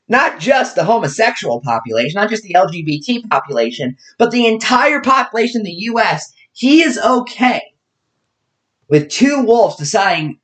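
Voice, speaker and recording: Young commentator ranting sarcastically, voice jumping up and down a lot. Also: low-quality recording. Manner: sarcastic, ranting, with abrupt pitch jumps. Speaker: political commentator. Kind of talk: political commentary monologue.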